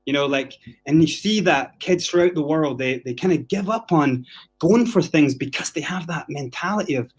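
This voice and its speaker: A man from Scotland tells his story as a podcast guest. His voice sits a bit high for a man, and he talks with swearing and animated acted-out quotes. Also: normal speed, breathy edge. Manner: animated, profane, acts out quotes.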